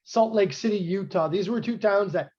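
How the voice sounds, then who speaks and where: A man's voice: high voice, moderate pace, darkish tone. A man, co-hosting a casual wrestling podcast and rambling through history with many fillers. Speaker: podcast co-host. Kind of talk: casual chat. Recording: dull lo-fi sound.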